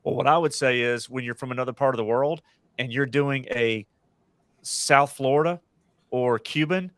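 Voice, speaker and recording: An American man chats on a podcast panel with a mid-pitched, ordinary voice. He rambles and corrects himself, pressing firm opinions. The mic sound is close and dry. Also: moderate pace, fairly bright tone, dry recording. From United States. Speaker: podcast host. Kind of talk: casual panel chat.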